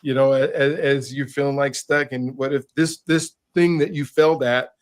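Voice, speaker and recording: A man, an author and podcast guest, telling a story in an animated, casual way and often repeating words as he restarts. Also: mid-range voice, moderate pace.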